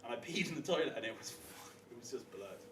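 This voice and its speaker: A young man telling lively, crude stories from his past as a podcast guest, acting out what people said in loud voices, laughing and swearing. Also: medium pitch, quick pace, recorded from a distance, heavy background noise. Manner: animated anecdotes, acts out quotes loudly, laughs, swears. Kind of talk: casual storytelling chat.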